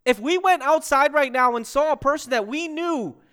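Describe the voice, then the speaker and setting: A man delivers a sermon as a pastor, with a notably high voice. He talks with lively energy, slipping between English and another language and acting out the people he quotes. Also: moderate pace.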